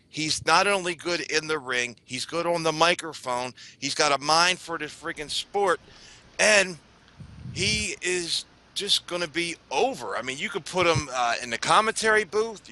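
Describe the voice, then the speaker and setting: A man's voice: a little high, bright, forceful tone. A man on a casual wrestling panel, arguing his point emphatically.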